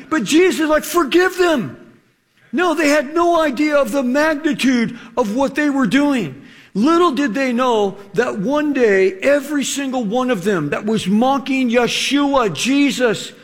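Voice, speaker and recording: A male preacher delivers a sermon with a strikingly high voice. He is animated and rhetorical, and he acts out the scripture he quotes.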